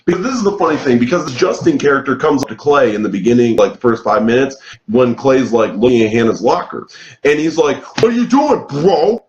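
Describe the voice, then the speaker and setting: A man's voice: medium pitch, lively intonation, fast, darkish tone. Male vlogger doing a swear-heavy rant review, recorded in an echoey room with a slightly dull sound. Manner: swears heavily, rants angrily with filler "like". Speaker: TV show reviewer. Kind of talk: profane ranting review.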